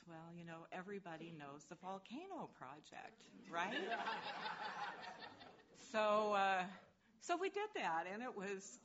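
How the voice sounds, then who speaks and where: A woman's voice: fairly low pitch, fairly bright tone. Older woman telling a chatty story. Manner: chatty, laughing, affectionate storyteller. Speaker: speaker sharing a personal story. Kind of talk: personal storytelling to an audience. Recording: dull, muffled recording with faint noise.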